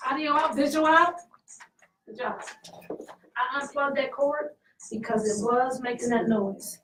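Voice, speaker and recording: A woman producer giving the host brisk instructions before and after going live. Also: high-pitched, fairly bright tone, a little hiss or hum. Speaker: studio producer. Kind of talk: behind-the-scenes instructions. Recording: echoey room, far from mic, music.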